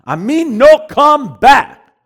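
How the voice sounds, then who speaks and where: A man's voice: very high-pitched, very animated, takes it slowly, a bit bright, voice pushed up, full character voice. A man doing a fervent preacher from Singapore. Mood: insistent prophetic. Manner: broken English, emphatic repetition. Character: man of God from Singapore speaking broken English, fervent prophetic preacher.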